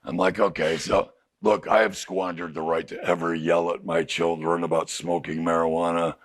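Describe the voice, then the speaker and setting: This deep-voiced male counselor, middle-aged, keeps his tone level and his pace moderate. He's giving a candid group talk to clients at a recovery house, tossing out rhetorical questions as he goes.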